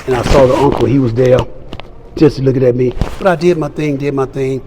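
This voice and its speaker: A man's voice: medium pitch, steady tone, fairly quick, dark tone, a little hiss or hum. An older man telling stories as a celebrity guest, emphatic and acting out the dialogue of the people in his stories. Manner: emphatic, acts out quoted dialogue. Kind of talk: storytelling interview. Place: fan convention.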